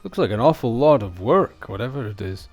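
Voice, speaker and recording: Wry, lively-voiced man player. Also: mid-range voice, a little fast, faint music behind. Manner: wry, cautious. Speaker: tabletop game player. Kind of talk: in-character table play.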